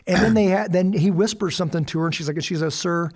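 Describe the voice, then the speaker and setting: A middle-aged American man telling a story as a guest, animated and acting out quoted lines with sudden loud bursts. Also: sits high, fast talker. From United States. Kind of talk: storytelling in a conversation.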